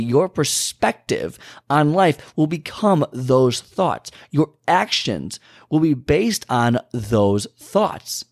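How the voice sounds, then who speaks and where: A man giving a casual motivational talk straight to listeners. He keeps checking in with "okay?", stretches key words slowly, and jumps in pitch and speed to stress a point. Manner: animated, leaps in pitch and speed for emphasis. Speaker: motivational speaker.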